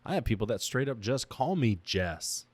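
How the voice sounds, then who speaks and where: Very animated and speaking at normal speed, a young man with a mid-range voice hosts his podcast in a dry recording. His monologue about himself is emotional and raw, halting before starting again.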